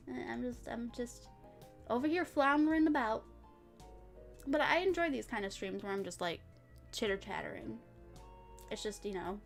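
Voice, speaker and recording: A woman's voice: medium pitch, expressive, moderate pace, long pauses, soft background music. A young woman chatting casually on a live stream, bubbly and rambling, reading chat and giggling between thoughts. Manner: bubbly, rambling, giggly, swings loud and soft. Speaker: VTuber streamer.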